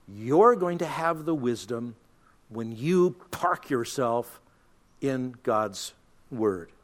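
A man's voice: mid-range voice, lively intonation, slow pace. A middle-aged man, a pastor, giving earnest, emphatic radio Bible teaching with frequent restarts.

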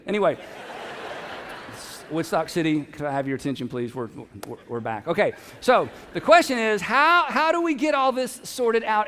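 A man's voice: a little high, fairly bright tone. A male pastor preaching a sermon in a church, conversational and joking with the congregation. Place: church sanctuary. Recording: long hall reverb.

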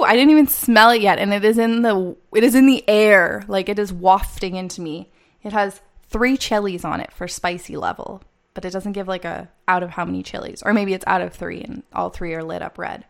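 Young Canadian woman, podcast host, chatty and animated, casual solo delivery. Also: medium pitch, gravelly. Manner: chatty and animated, talks straight to listeners.

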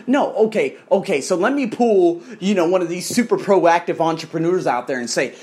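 A man in his thirties telling a story in a casual vlog rant, profane and animated, acting out the voices of the people he quotes. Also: high voice, fairly quick, few pauses. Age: 30s. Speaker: coach. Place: abroad in Thailand.

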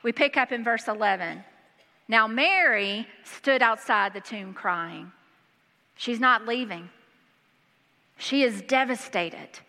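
A woman pastor preaching a sermon, reading scripture and breaking in with lively asides. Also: a little high, slow pace, long pauses. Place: church hall. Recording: long hall reverb.

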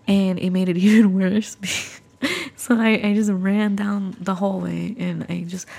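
A woman's voice: mid-range voice, little pitch movement, a little slow, gravelly, mellow. A woman hosting a podcast, telling a spooky story in a chatty way, full of fillers and asides to the listeners. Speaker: podcast host.

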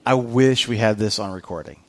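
A man preaching a casual, storytelling sermon, acting out scenes and dropping into hushed tones for weight. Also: on the low side, a little fast. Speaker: pastor.

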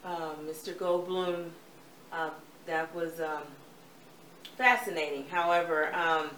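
A woman acting as an exasperated casting director in a comedy sketch, calling out loudly to hurry people along. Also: lowish voice, steady tone, slow. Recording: roomy, distant, faint ambient hiss.

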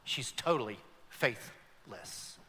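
A man, a pastor, preaching a sermon emphatically, swinging between loud climaxes and hushed passages. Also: mid-range voice, expressive, takes it slowly, slightly rough, big-room sound.

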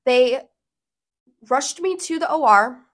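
Woman vlogging, rambly and emotional, kinda high voice, just talking to the camera. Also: expressive, takes it slowly, fairly bright tone. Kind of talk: casual personal storytelling to camera.

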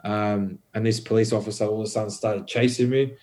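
A man's voice: on the low side, a little fast. Swearing man telling a story. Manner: swears heavily, rambling and animated; many fillers like "um" and "bro". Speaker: podcast guest. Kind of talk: casual storytelling.

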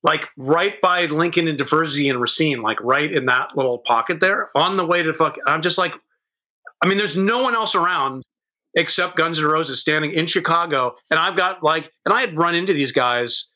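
Animated, swearing man in his fifties with a bright voice. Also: fairly high pitch, normal speed, low-quality recording. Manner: animated, swears freely, acts out quotes. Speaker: guest, bar owner. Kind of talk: casual storytelling chat.

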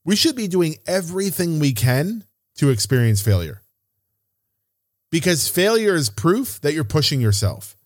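A man's voice: a little high, big pitch swings, normal speed, no echo, clean studio sound. A man hosting a solo motivational podcast as a business coach, speaking casually and stressing points by repeating phrases. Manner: casual, occasional swearing.

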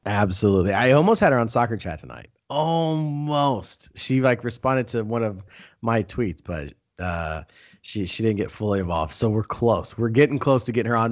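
Man, thirties, podcast host, casual chat, upbeat, lots of uh fillers, lowish voice. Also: animated. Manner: upbeat, quick shout-outs, frequent "uh" fillers.

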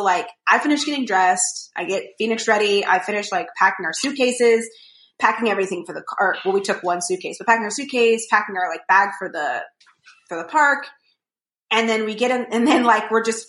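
A woman's voice: mid-range voice, fairly bright tone. Chatty woman telling a rambling story, echoey room. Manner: rambling storyteller, many fillers, acts out quotes. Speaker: podcast co-host. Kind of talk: casual chat.

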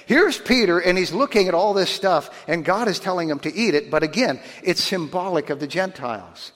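A man preaching a sermon in a folksy, animated way, acting out the voices of the people in his stories. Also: fairly high pitch. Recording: long hall reverb.

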